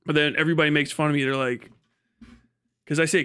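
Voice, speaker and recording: A man's voice: on the high side, steady tone, moderate pace, a bit bright, clean tone. A man from Cincinnati, streaming live and chatting casually, rambling and swearing as he riffs on regional accents. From Cincinnati, USA. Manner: profane, rambling, laughs through riffs on accents.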